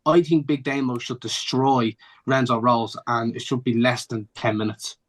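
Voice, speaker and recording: A man on a casual wrestling podcast, laying out opinions in a deliberate way. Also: mid-range voice, steady tone. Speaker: podcast co-host. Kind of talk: casual chat.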